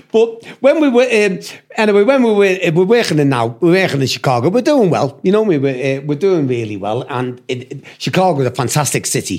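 A man's voice: on the high side, a little mellow. An older man with a Liverpool accent telling a long, sweary story in casual chat, acting out quoted voices. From Liverpool, England. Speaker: podcast guest storyteller.

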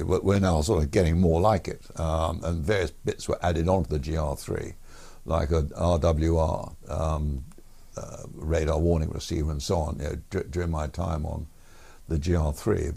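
An older man, once an air force pilot, tells anecdotes in a podcast interview, rambling and hesitant. His voice is deep, darkish and husky, with vocal fry.

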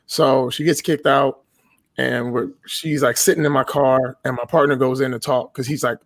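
A man's voice: mid-range voice, fairly even intonation, moderate pace, dry recording. A young man telling a story on a podcast in a casual, blunt and profane way. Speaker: podcast guest.

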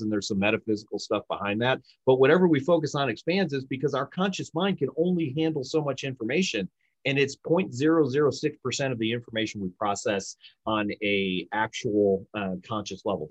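A man explaining communication techniques in an emphatic, animated coaching manner. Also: mid-range voice, dry recording, rough recording. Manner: emphatic, animated, acts out example lines. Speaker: sales communication guest expert.

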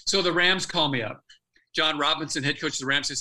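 A man's voice: fairly high pitch, a little fast, sharp tone, rough recording. An older man, a former athlete turned speaker, earnestly telling a personal story as a podcast guest, restarting his phrases as he goes.

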